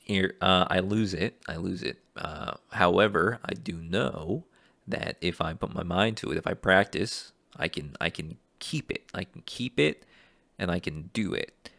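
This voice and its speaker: Gravelly-voiced man thinking aloud. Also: sits low, a little slow, fairly bright tone, dry recording, clean studio sound. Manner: unsure and rambling, thinks aloud. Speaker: aspiring voice actor. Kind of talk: casual vlog, reading casting calls aloud.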